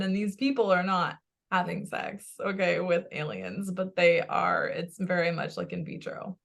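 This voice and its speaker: A woman psychic medium chatting casually, excitable and laughing often as she passes on what a spirit tells her. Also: mid-range voice, vocal fry. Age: adult with a child. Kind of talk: casual chat.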